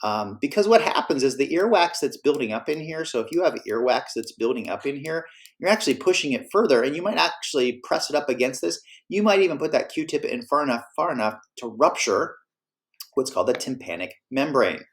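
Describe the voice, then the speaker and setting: A man's voice: mid-range voice, expressive, brisk. Man casually lecturing on ear anatomy. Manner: casual, self-correcting explainer. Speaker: teacher. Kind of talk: classroom lecture.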